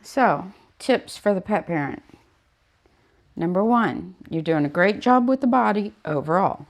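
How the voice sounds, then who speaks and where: A woman dog groomer chatting casually while she works, telling stories and acting out her clients. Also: low-pitched. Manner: chatty storytelling, acts out clients in quotes.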